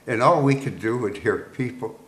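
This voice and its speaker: This veteran guest, an American in his eighties, has a mid-range, slightly bright voice at normal speed. He unhurriedly recounts his wartime memories with chuckles. The echoey room carries faint noise.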